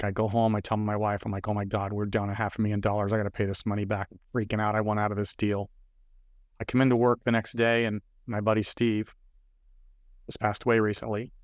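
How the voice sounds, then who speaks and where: A man's voice: medium pitch, dry recording, clean studio sound. An older man, a business consultant, telling stories in a podcast interview and acting out the dialogue as he goes. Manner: animated storyteller acting out dialogue.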